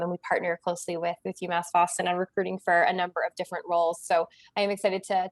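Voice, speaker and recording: Guest recruiter, woman, low voice, polite and a little hesitant. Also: no echo. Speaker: campus recruiter. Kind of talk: guest introduction.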